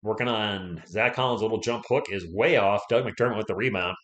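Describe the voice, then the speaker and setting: A man's voice: fairly low pitch, a little fast, a bit bright, lo-fi sound. A man doing casual solo play-by-play on a livestream, chatting with viewers and reading their messages between plays. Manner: chatty, reads chat aloud and thanks viewers between plays. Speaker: live stream play-by-play host.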